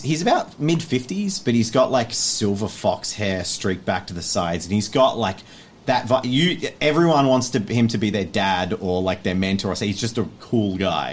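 A man with a lowish voice runs a tabletop game, narrating in a chatty, animated way with lots of filler words. Faint noise sits under the recording. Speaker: game master.

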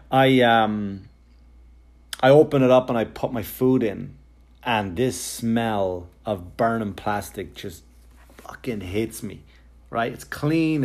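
Rambling sarcastic comedian, mid-pitched man. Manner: rambling, sarcastic, profane, with frequent fillers; animated, jumping into quoted exchanges. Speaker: touring comedian. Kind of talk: casual comedic storytelling monologue.

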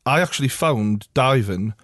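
A man's voice: medium pitch, animated, moderate pace, fairly bright tone, dry recording, clean studio sound. Swearing podcast co-host, man. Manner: laughs often, swears freely, reflective. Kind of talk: casual chat.

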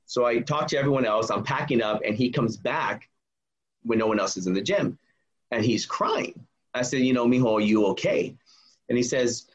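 A man who travels as a public speaker, telling earnest stories in a podcast interview and acting out the dialogue with lively energy. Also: fairly low pitch, a little fast, lo-fi sound. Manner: earnest, animated retelling with quoted dialogue. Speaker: guest, touring public speaker.

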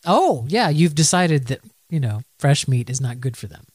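A man's voice: on the high side, sing-song, moderate pace, darkish tone, slightly rough, no echo. A man hosting a podcast in casual chat, rambling with many fillers and frequent laughs. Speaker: podcast host.

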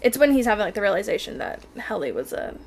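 A woman's voice: medium pitch, sing-song, fast. A woman co-hosting a book club podcast in casual chat. She is playful and jokey and laughs easily.

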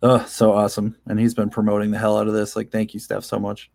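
Low-ish voice guy, comic creator, chatting loose w lots of likes and uhs, laughs a lot. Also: completely flat delivery, fast talker, creaky, darkish tone. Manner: rambling, chatty, laughs often, many fillers. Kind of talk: casual interview chat.

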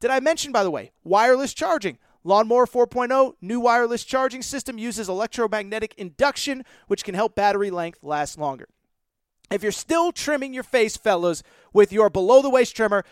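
High, smooth-voiced man hyping a sponsor. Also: moderate pace, dry recording, clean studio sound. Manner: hyped, joking salesman patter. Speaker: podcast host. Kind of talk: host-read sponsor ad.

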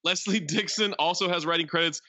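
A man hosting a movie podcast, reading intros and credits in a brisk listing way. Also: high voice, bright, forceful tone, no echo. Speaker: podcast host. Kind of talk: casual podcast movie chat.

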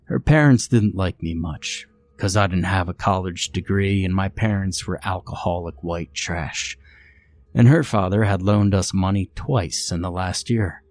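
A man narrating a first-person horror story in a measured, bitter tone. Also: sits low, a little mellow, dry recording.

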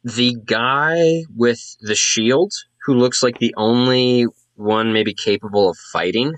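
A man's voice: medium pitch, slow, a bit bright, dry recording. A man running a tabletop game as game master, describing scenes and calling for rolls. His narration is casual and loose, with plenty of ums and restarts. The recording is dry with no room sound. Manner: casual, filler-heavy narration.

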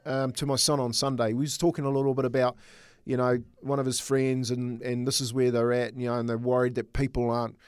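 Casting note: middle-aged man, earnest storyteller, mid pitch, dry booth sound. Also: little pitch movement, brisk, smooth, no room sound. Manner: earnest, storytelling, repeats words while thinking. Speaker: former rugby league coach, co-host. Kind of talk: casual sports chat.

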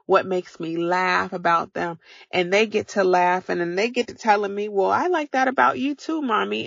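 Gravelly-voiced woman coaching podcast listeners. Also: on the low side, a bit bright, no echo, muffled recording. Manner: encouraging, coaching listeners directly. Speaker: podcast host. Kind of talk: motivational podcast talk.

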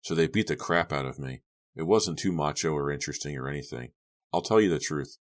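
A man reads an earnest, awkward teenage boy who answers a little louder than the narration around him. The voice stays extremely deep, with a dry edge of sarcasm. It is a storybook figure. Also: a little fast.

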